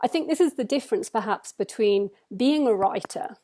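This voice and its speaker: Woman writer talking it through, kinda high voice, lots of ums and pauses. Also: lively intonation, mellow. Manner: thoughtful, measured, frequent hesitations. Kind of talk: spoken personal reflection.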